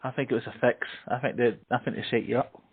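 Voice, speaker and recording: A male host puts listener questions to his guest in a friendly, casual way. His voice sits at a middle pitch. It comes over a dry, narrow, phone-like line. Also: fairly even intonation, quick pace, breathy edge, no room sound. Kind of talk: casual interview chat.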